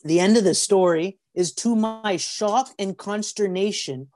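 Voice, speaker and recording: A man's voice: high voice, unhurried, no room sound, faint music behind. A man delivers a sermon to listeners on a call, acting out voices as he tells stories. He stumbles and repeats words as he talks. The sound is dry and close. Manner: animated storytelling, acts out voices. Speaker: preacher.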